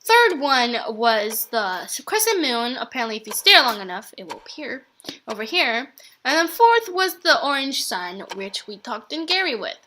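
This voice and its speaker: A young woman giving chatty, self-mocking commentary while playing a game, swinging between low mumbles and sudden loud outbursts. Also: sing-song, moderate pace. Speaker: gaming YouTuber. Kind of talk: let's play commentary. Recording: faint game music behind.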